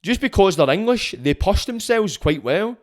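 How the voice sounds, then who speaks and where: A man's voice: high-pitched, animated, normal speed. Blunt, sweary Scottish man ranting. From Scotland. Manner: blunt and sweary, heated rants. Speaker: podcast host. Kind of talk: casual opinionated monologue.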